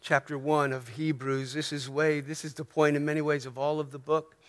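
High-voiced American pastor preaching. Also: male voice, little pitch movement, normal speed. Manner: conversational preaching, frequent "right?" checks; swings from soft asides to emphatic rises. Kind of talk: sermon.

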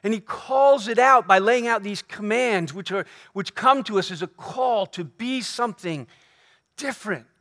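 A man with a high-pitched voice delivers an earnest Sunday sermon from the pulpit. He presses his points by repeating phrases and slowing down to lean on quoted lines. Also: fairly bright tone. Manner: earnest preaching with emphatic repeated phrases and slow stressed quotes. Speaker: pastor. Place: church sanctuary.

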